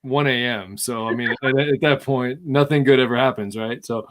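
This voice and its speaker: This middle-aged podcast host tells a story in an animated, easygoing way, laughing often. His voice is mid-range at a normal speed, with slight background noise audible.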